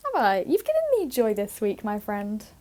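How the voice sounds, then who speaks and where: This podcast co-host has a mid-range, slightly mellow voice whose pitch swoops wildly as she reads out a list at a moderate pace. She's giggly and playful throughout, swearing freely in the casual chat.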